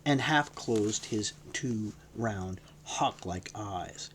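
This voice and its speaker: A man reading a novel aloud in a measured, dramatic narration. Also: on the low side, slight background noise. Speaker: audiobook reader. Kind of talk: scripted narration.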